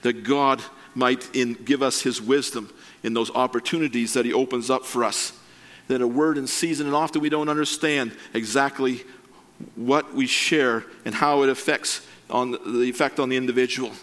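A man preaching a sermon, earnest and measured, with occasional self-deprecating asides. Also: mid-range voice, steady tone, a bit bright. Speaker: pastor.

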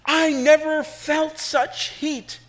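A man's voice: little pitch movement, slow, fairly bright tone, exaggerated voice. A man voicing a talking clay teacup that cries out and pleads through its shaping, told as a story within a sermon. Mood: pleading. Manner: high, strained, pleading cries.

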